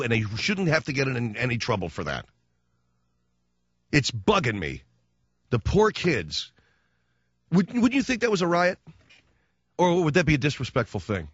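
A male radio talk host rambles through a comic monologue, his pitch leaping up and down as he jokes and acts out little scenes. The sound is dry and close, a bit dull, as from an old studio broadcast. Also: dry recording.

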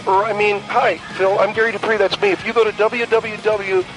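A man voicing a compulsive male caller who keeps mechanically repeating his own name, earnest and halting. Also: high-pitched, little pitch movement, over music, pitched above the performer's own voice, close to an everyday voice, rough recording. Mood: earnest, fixated.

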